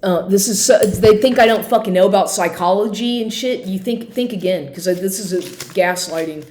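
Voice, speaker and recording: A woman in her fifties, a vlogger, rants angrily to camera at home, heated and swearing often while repeatedly restarting her sentences. Her mid-range voice has a darkish tone and moves fairly quickly. The room is echoey.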